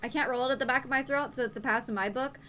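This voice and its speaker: Bright-voiced giggly woman streamer. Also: high voice, fairly even intonation, rapid-fire, slight background noise. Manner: playful, giggly, chatty. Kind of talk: casual gaming stream chat.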